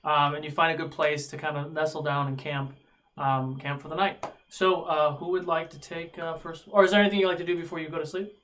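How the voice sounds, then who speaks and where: A man narrating a tabletop game as game master, pausing often with ums and uhs. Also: on the high side, fairly even intonation, fairly bright tone, a little hiss or hum, low-quality recording. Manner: halting, many ums and uhs.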